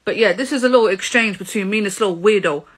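A woman, telling a story in an animated, indignant way to camera. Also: medium pitch, rapid-fire, very noisy. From England. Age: 20s. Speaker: vlogger. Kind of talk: storytelling vlog.

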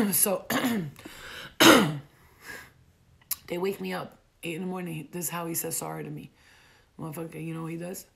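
Gravelly-voiced woman swearing through a story. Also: lowish voice, a little slow, long pauses. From United States. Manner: profane, animated, laughs often, heavy slang. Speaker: vlogger telling a personal story. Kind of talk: casual storytelling.

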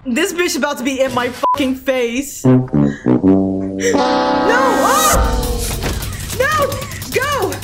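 A woman's voice: sits high, sing-song, moderate pace. A young woman streaming a horror game, panicky, repeating herself and swearing a lot. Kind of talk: live game commentary. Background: game music.

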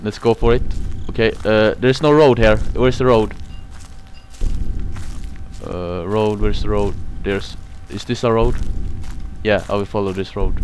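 A man's voice: fairly low pitch, measured pace, long pauses, slight background noise. A man playing a horror game for his channel, talking in simple non-native English and swearing and yelping whenever he gets scared. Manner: panicky, screams and swears when scared. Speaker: gaming YouTuber. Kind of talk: horror game let's play. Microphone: cheap mic, face cam.

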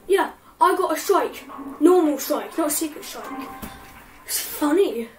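High-pitched girl giggling and cussing through a bowling game, mic kinda far off, faint game music behind. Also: expressive, a little slow. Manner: giggly, chaotic, swears a lot. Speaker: gaming channel host. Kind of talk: let's play commentary.

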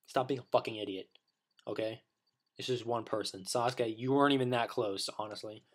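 A man's voice: medium pitch, fairly even intonation, brisk. A man delivering a rambling, profane opinion rant as a vlogger, full of restarts and blunt insults.

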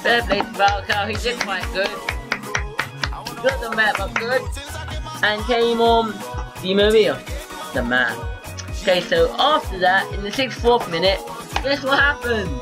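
A male football vlogger giving a casual, rambling match review to camera, excitable and often repeating himself. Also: sits high, measured pace, long pauses, music in the background, low-quality recording.

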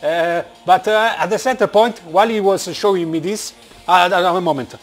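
A man from Italy with a strong Italian accent, talking in a casual vlog, animated and joking, blunt, with lots of filler sounds. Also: high voice, normal speed. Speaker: vlogger. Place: indoors, working in Germany.

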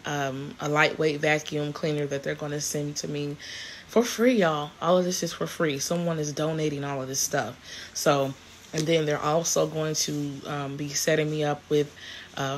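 A woman's voice: low-pitched, fairly even intonation, moderate pace, a little hiss or hum. A woman, chatting casually to camera in a vlog, grateful and rambling with many restarts. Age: 40s. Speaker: vlogger.

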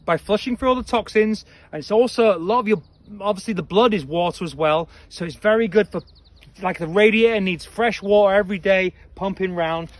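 A male head coach giving an upbeat, energetic coaching talk, quizzing listeners and calling them team. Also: sits high, dry recording. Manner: energetic, playful.

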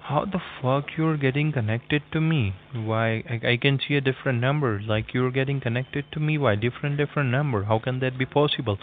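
A man's voice: medium pitch, a little fast, hardly any pauses. Guy on a phone, pissed off and swearing, a bit of hiss. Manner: angry, profane. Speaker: phone scammer. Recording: tinny phone line with faint noise.

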